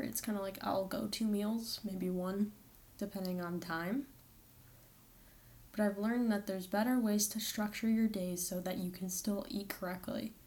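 This solo podcast monologue comes from a young adult college student whose mid-range voice has a darkish tone. She rambles casually, peppering her talk with "like" and frequent self-corrections.

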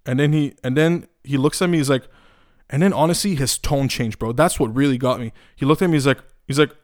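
Profane ranting man, smooth dry voice. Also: medium pitch, a little fast, dry recording. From Eastern Europe. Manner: profane, animated, many restarts and filler words. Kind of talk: casual rant.

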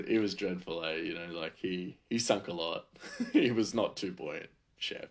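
Casual storytelling fills this podcast, hosted by a man whose voice is fairly low in pitch and paced normally. His chatty, meandering delivery is packed with filler words.

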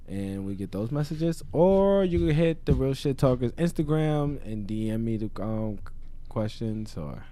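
Man, podcast co-host, lively pitch, slangy, laughing banter. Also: unhurried. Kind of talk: casual chat.

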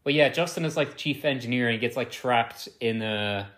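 A man's voice: mid-range voice, brisk, a bit bright. A man co-hosting a podcast, chatting casually about a movie in an easygoing, agreeable way. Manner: easygoing, agreeable, frequent yeahs. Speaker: podcast co-host. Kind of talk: casual movie-review chat.

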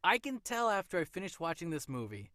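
A man co-hosting a casual movie chat, animated and playful, sometimes slipping into voices to retell scenes. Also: on the high side, brisk, no echo, clean studio sound. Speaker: podcast co-host.

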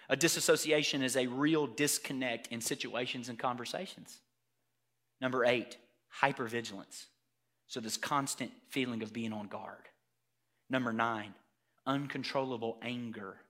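A man preaching a sermon as pastor before a congregation, shifting from hushed, intimate asides to loud, emphatic preaching. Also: medium pitch. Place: church hall before a congregation.

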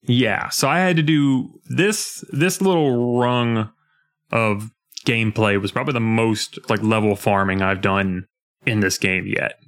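A young man co-hosting a podcast, chatting casually about a video game and acting out lines with lively jumps in his voice. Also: fairly low pitch, a little slow. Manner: animated, acts out game lines in a jumpy voice. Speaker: podcast co-host.

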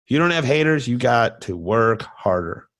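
A man's voice: medium pitch, animated, normal speed, fairly bright tone. Blunt, emphatic man coaching. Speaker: coach and podcast host. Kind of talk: motivational casual talk.

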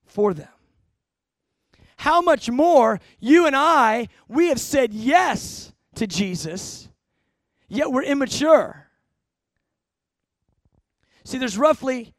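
A man preaching a sermon, emphatic, slowing down to stress phrases, then rushing through asides, asking the congregation questions. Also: extremely high pitch, no echo, studio quality. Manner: emphatic, shifting between slow stressed phrases and rapid asides.

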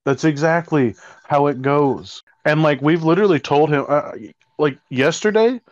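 A man's voice: a little high, moderate pace, dry recording. A man in casual chat, rambling and exasperated as he tells a story, swearing freely. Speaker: co-host telling a work story. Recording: dry, slightly dull recording.

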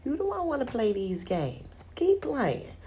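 A woman's voice: high-pitched, huge pitch swings, measured pace, dark tone, a little hiss or hum. A woman hosting a podcast, venting in a casual, profane, exasperated way and often breaking into laughter. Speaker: podcast host.

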